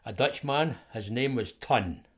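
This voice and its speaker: A man's voice: mid-range voice, expressive, a little slow, slightly rough. A Scottish man in his seventies, a podcast guest rambling through anecdotes with frequent chuckles and restarts. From Scotland. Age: 70s. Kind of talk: casual storytelling conversation.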